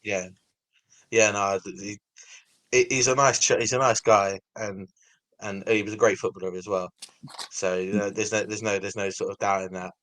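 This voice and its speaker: A man's voice: on the low side, steady tone, moderate pace, fairly bright tone. A man hosting a casual podcast interview, friendly and rambling. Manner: rambling, friendly, many fillers. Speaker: podcast host.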